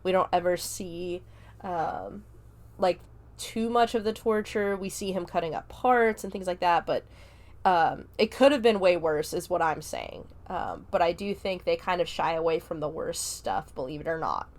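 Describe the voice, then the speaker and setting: A woman's voice: lowish voice, moderate pace. A woman hosting a podcast, giving a casual spoken review of a film, talking chattily with lots of ums and likes. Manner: chatty, many fillers like um and like.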